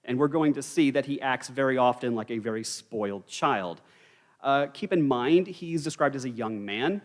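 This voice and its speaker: A man leading an evening Bible study, teaching in a conversational way with wry asides and dry humor. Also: mid-range voice. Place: church hall. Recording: church live stream with long hall reverb.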